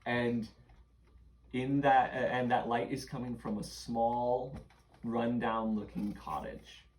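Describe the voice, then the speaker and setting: A woman's voice: very deep voice, takes it slowly, darkish tone, roomy sound. A woman running a playful, interactive story game for children, coaxing them along and laughing often.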